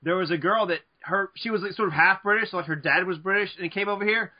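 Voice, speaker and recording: An American man co-hosting a casual chat, telling an animated story. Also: sits high, fast, muffled recording.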